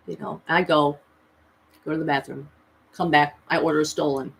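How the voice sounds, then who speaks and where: A woman in her thirties telling a personal story in a confessional vlog, emotional and earnest, with pitch jumping high as she recalls pleading. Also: fairly even intonation, moderate pace, gravelly, a little hiss or hum. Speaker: tarot reader and vlogger.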